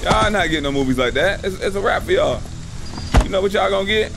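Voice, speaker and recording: Animated profane gaming streamer, man. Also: high-pitched, fast talker, creaky, music in the background, rough recording. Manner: profane, animated trash talk to viewers. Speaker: gaming livestream host. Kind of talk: casual live gaming commentary.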